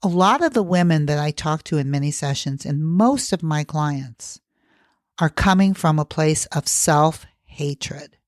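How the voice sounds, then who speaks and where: Middle-aged woman podcast coach, earnest, fairly low voice, dry booth sound. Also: measured pace, darkish tone, no room sound. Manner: earnest, coaching, asks listeners rhetorical questions. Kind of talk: solo podcast talk.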